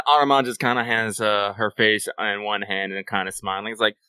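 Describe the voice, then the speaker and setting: A man's voice: fairly low pitch, steady tone, normal speed, pushed and bright, clear, resonant tone, dry recording. A man playing a tabletop game, talking casually and playfully in character. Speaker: player.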